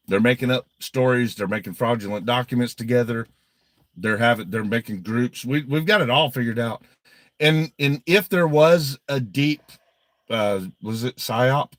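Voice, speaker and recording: A man's voice: medium pitch, moderate pace, no room sound. A man hosting a casual livestream, blunt and heavily profane, often agitated as he reads viewer donations.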